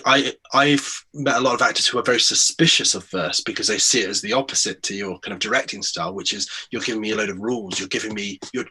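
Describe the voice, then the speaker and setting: A man's voice: lowish voice, bright, forceful tone, breathy edge. A young man interviewing, asking questions hesitantly with many restarts. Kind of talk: conversational interview.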